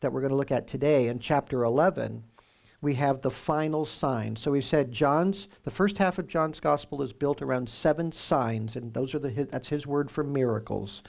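A man pastor teaching through a Bible passage in a conversational, explanatory way, with animated emphasis. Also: mid-range voice, normal speed, creaky.

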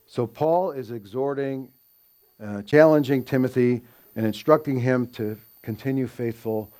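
A man's voice: mid-range voice, a little mellow. A man preaching an expository sermon, teaching earnestly and lifting his voice to stress quoted scripture. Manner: earnest teaching with frequent fillers and restarts, rising emphasis on quoted scripture.

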